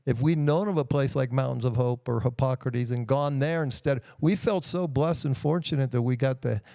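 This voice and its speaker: A man's voice: mid-range voice, normal speed, creaky, mellow, no room sound. A man hosting a talk show, speaking earnestly and from the heart about his mission. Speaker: podcast host. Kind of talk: casual interview.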